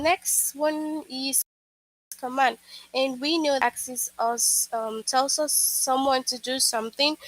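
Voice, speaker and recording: A woman with a high voice teaches a class of young children, unhurried and patient. She repeats each point and checks in with "okay?" again and again. The sound is close and dry, with no room echo. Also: fairly bright tone. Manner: patient, repetitive explaining with frequent "okay" and "all right".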